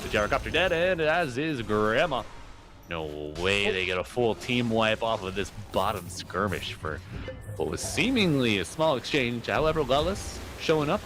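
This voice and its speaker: A man calling live esports play-by-play, excitable and quick to react to the action. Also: mid-range voice, music in the background. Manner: excitable, animated calls. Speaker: play-by-play caster.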